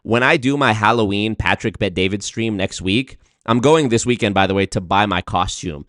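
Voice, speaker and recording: A man doing casual, joking live-stream commentary, profane and swinging between loud rants and muttered asides. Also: fairly low pitch, normal speed, dry recording, studio quality. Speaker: streamer reacting to clips.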